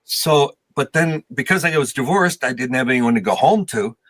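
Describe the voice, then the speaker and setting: A man's voice: mid-range voice, expressive, normal speed, fairly bright tone. A man in his sixties, a guest musician, telling stories in a casual interview with a rambling, self-deprecating manner.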